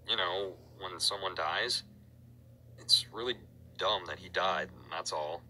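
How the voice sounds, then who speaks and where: A man's voice: low voice, slow pace, bright, forceful tone, slight background noise, heavily acted. A man reading aloud and voicing a rude, dismissive older teenage bully. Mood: sneering. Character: gruff older teen bully.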